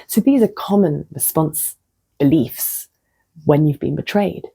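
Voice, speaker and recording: A woman's voice: low voice, animated, a little slow, gravelly, breathy edge. A woman talking to camera in a casual, reflective monologue, telling stories frankly, poking fun at herself and sometimes dropping to a near-whisper. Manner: candid, self-mocking storytelling with soft drops into near-whispers. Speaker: vlogger.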